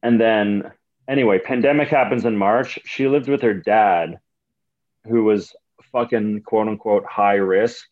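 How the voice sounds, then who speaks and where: A man's voice: on the low side, a little slow, narrow, tinny audio. Profane rambling young man. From Canada. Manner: rambling, profane, animated storytelling. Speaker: comedian guest. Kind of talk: casual podcast chat.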